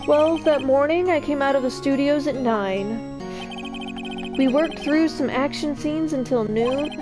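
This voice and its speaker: A woman's voice: high voice, a little slow, over music. A woman reading the lines of a male action-show actor in a plain manner.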